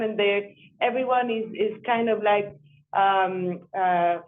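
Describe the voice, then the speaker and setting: A woman architect telling a story in an interview, animated, often repeating and restarting her words. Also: mid-range voice. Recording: tinny phone-like sound.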